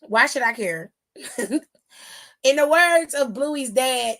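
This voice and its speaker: A woman's voice: high-pitched, animated, takes it slowly, long pauses, fairly bright tone. A young woman hosting a casual live-streamed wrestling recap, talking bluntly and with plenty of cursing. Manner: blunt, profane, dismissive. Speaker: wrestling aftershow host.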